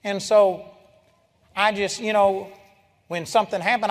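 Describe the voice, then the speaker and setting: An older man preaching a sermon, telling folksy personal stories and breaking into loud shouts when he acts out a scene. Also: high-pitched, normal speed, some chatter behind. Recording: live sermon in a large reverberant hall.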